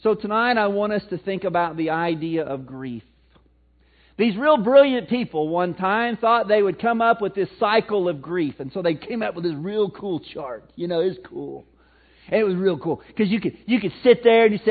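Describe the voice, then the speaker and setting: Folksy Missouri preacher on a tinny line. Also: male voice, lively intonation, moderate pace. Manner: folksy, swings from loud emphatic to low and quiet. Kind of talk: sermon. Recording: tinny phone-like sound, mic cutting out.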